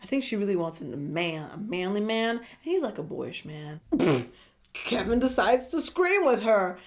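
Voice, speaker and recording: A woman giving a casual, opinionated recap of a TV episode, chatty and quick to slip into playful voices. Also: mid-range voice, big pitch swings. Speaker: TV show recap vlogger. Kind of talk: casual commentary monologue.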